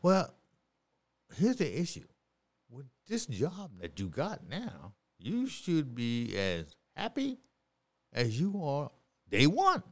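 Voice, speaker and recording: Middle-aged male guest, lively sing-song pitch, preachy and repetitive, casual podcast talk. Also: slow. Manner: animated, repeats words, preachy.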